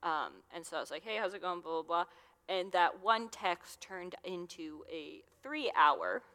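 A young woman gives a relaxed, chatty sermon, talking to a youth group like friends. Her voice sits on the low side, and a long hall reverb trails after her words. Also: a little slow. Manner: chatty, conversational, with many fillers. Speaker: youth minister. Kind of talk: casual sermon.

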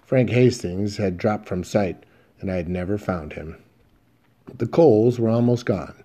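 A male audiobook narrator telling a western in the first person, steady and measured. His voice is low and dark, with a mellow tone.

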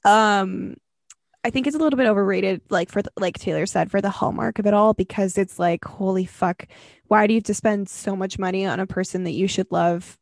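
A woman's voice: mid-range voice, fairly even intonation, fairly quick, gravelly, no room sound, studio quality. Casual young woman co-host, swearing and laughing. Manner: laughing, swearing freely, rambling. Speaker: podcast co-host. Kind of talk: casual chat.

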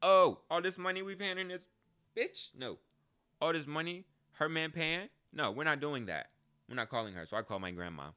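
A man's voice: fairly high pitch, lively intonation, normal speed, pushed and bright, clear, resonant tone, dry recording, studio quality. A man hosting a podcast, telling a story in a casual, joking monologue and swearing freely. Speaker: podcast host.

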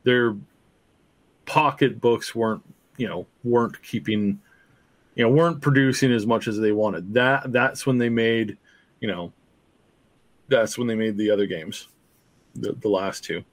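A man's voice: lowish voice, measured pace, long pauses. A man co-hosting a gaming podcast, talking animatedly and building out a theory in casual chat. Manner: animated, talks himself into theories. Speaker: podcast co-host.

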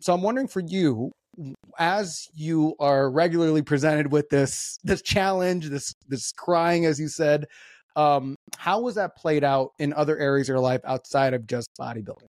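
Here a male podcast host chats casually with a guest, laid-back, profane and full of fillers. His voice sits on the high side at a normal speed, recorded cleanly in a studio with no echo.

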